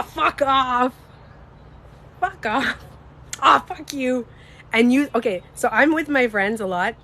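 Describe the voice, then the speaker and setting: A woman beauty coach chatting candidly on a livestream, animated, swearing freely and laughing often. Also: medium pitch, a little hiss or hum. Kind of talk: casual livestream chat.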